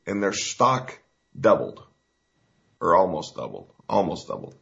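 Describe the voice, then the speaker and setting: A man's voice: low voice, sing-song, a little slow, vocal fry, pauses often, fairly bright tone. A man hosting a talk radio show, talking in an emphatic, folksy, rambling way with fillers. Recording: dull lo-fi radio recording.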